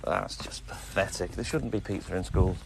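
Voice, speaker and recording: A man's voice: sits low, normal speed, creaky, slight background noise, poor audio. A man, a milkman chatting casually on a live stream, greeting viewers by name and swearing freely from his delivery van. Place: delivery van on a milk round.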